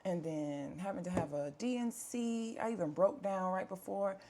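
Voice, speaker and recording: A woman speaks at a normal pace in a mellow, mid-range voice. She's a vlogger at home giving an earnest, chatty life update to camera, candid and heavy on fillers.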